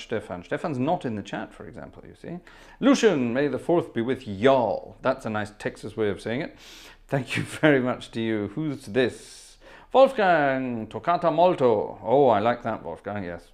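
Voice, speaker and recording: A man hosting a home organ livestream, chatting casually and greeting viewers by name with jokes, wearing headphones. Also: mid-range voice. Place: home music room.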